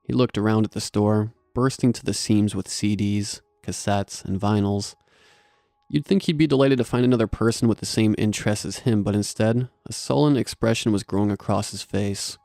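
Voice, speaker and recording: Gravelly low-voiced male horror narrator. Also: no echo, studio quality. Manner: steady, measured storytelling.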